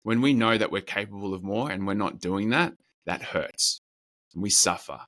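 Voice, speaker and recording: Earnest low-voiced men's coach. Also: male voice, fairly bright tone, no room sound. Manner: earnest, measured, speaks in lists. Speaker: men's coach, podcast guest. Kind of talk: reflective interview talk.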